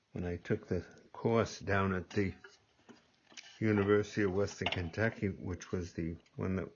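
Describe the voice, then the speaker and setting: An older man with a very deep voice talks slowly through a workshop demonstration, rambling a little and repeating himself as he works. The audio is dull and lo-fi. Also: a little hiss or hum. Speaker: gunsmithing instructor.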